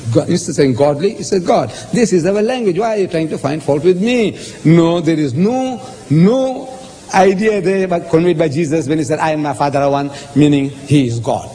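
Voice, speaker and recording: High-pitched man lecturing in an echoey hall. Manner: animated, lecturing, acts out quoted speech. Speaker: debater. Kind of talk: public religious debate speech. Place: debate hall. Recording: echoey hall, faint background noise.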